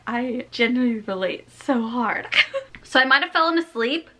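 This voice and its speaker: Giggly high-voiced woman book vlogger. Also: animated, moderate pace, bright, forceful tone, a little hiss or hum. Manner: giggly and gushing, laughs often; heavy use of "like" fillers. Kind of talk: casual reading vlog.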